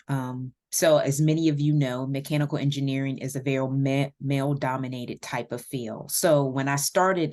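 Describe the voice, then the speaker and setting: A woman with a Southern American accent, a podcast guest speaking in a relaxed, reflective interview style with light laughs and fillers. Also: extremely low pitch. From Virginia, USA. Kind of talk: casual interview conversation.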